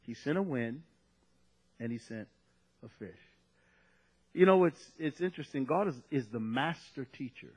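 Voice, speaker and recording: A man's voice: mid-range voice, expressive, moderate pace, pauses often, a little mellow, husky, poor audio. A man preaching a sermon, conversational and at times emphatic, drawing out key phrases.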